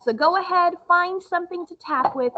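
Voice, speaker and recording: A woman music teacher giving a recorded lesson to young children, explaining slowly and patiently in a sing-song way. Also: very high voice, narrow, tinny audio.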